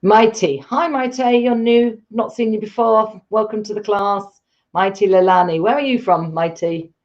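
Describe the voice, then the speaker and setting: A woman's voice: medium pitch, normal speed, darkish tone, muffled recording. A woman teaching a live online English lesson, patient and encouraging as she explains step by step.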